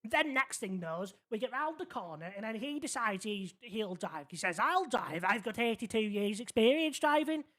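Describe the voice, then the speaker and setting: Very animated and a bit bright, this mid-range voice moves at a moderate pace with hardly any pauses. It belongs to a streamer roleplaying a naive young man in a city game, earnestly rambling through a long story while checking that the listener keeps up.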